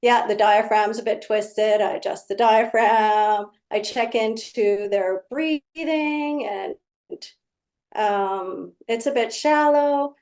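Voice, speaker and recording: A woman energy healer explains her work in casual conversation, speaking slowly in a slightly high, darkish voice. She tells stories about clients and acts out their exchanges.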